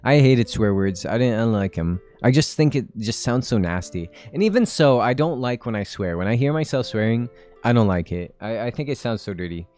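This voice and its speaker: Man in his twenties, casual stream chat, rambling, laughs a lot, mid-pitched, faint music behind. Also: expressive, brisk, darkish tone. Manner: rambling and chatty, with frequent laughs.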